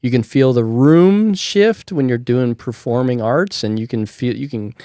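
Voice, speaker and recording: A man's voice: medium pitch, a little slow, dry recording, studio quality. A man hosting a podcast, telling stories casually and acting out the people in them, with some swearing. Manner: animated, acts out quotes, casual swearing. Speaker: podcast host. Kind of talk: casual storytelling chat.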